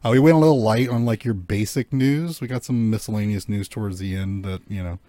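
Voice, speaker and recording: A young man runs a casual podcast chat, rambling through news with filler words and easy swearing. His voice sits low and the sound is dry and close, with no room around it. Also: brisk, mellow, dry recording. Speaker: podcast host.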